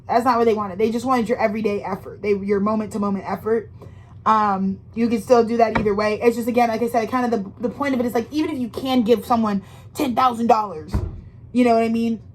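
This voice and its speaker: A woman's voice: fairly high pitch, steady tone, fast talker, slight background noise, low-quality recording. A woman giving a casual tarot reading, talking straight to the listener in a rambling, emphatic and profane way, full of slang and restarts. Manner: slangy, intimate direct address to the listener. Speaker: tarot reader.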